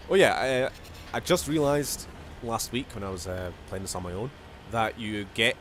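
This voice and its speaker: A man's voice: on the low side, a bit bright, a little hiss or hum. A man with a Scottish accent, streaming a video game with rambling, jokey casual commentary. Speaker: gaming streamer.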